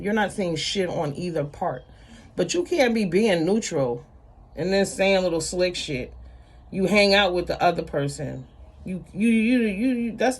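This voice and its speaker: A woman's voice: lowish voice, darkish tone, husky. A woman ranting bluntly to her viewers in an unscripted vlog, with heavy profanity, emphatic repetition. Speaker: vlogger.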